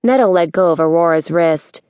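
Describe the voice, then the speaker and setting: Steady woman audiobook narrator. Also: on the low side, moderate pace, clean tone, no echo, studio quality. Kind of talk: scripted narration.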